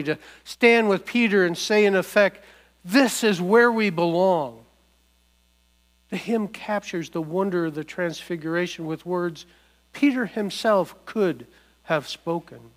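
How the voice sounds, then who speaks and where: A man preaching a sermon in a measured, declarative way, with deliberate pauses between phrases. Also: high voice. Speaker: pastor.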